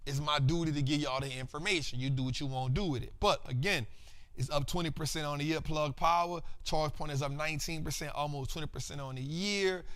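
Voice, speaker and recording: Male livestream host, bright and forceful, slangy and hyped, high-pitched. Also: fast. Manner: hyped, slangy, calls out to viewers. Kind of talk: casual livestream talk with chat shout-outs.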